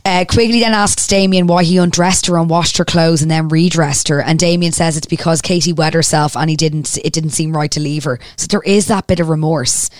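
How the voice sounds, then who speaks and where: A woman, recapping a TV episode on a podcast, swearing and reading out scenes quickly. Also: deep voice, fairly even intonation, no room sound, studio quality. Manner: narrates scenes quickly, swears, drops to near-whisper asides.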